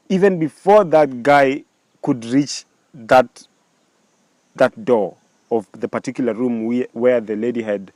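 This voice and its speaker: A man's voice: medium pitch, darkish tone, dry recording. Man telling a story with rhetorical questions. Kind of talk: casual storytelling.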